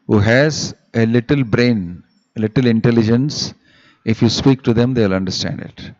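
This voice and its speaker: A man, giving a deliberate sermon as a visiting swami and reciting Sanskrit verses. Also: medium pitch, a little mellow. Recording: dull echoey hall recording.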